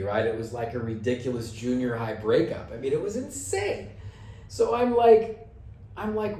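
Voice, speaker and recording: A man's voice: on the high side, normal speed, dark tone, roomy sound. A middle-aged man telling the story of his band in a casual monologue, swearing and acting out his own angry reactions.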